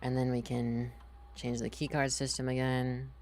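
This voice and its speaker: A woman streamer giving live commentary as she plays a game, reacting out loud, swearing and reading in-game text aloud. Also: a bass voice, flat delivery, moderate pace, slight background noise.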